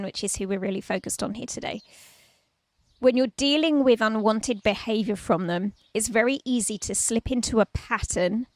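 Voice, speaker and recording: A woman's voice: fairly high pitch, no room sound. A woman giving parenting advice in a conversational, emphatic way, holding a microphone outdoors. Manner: emphatic, conversational, demonstrates tones with her voice. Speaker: parenting coach. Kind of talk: informal talk to camera. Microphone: handheld microphone.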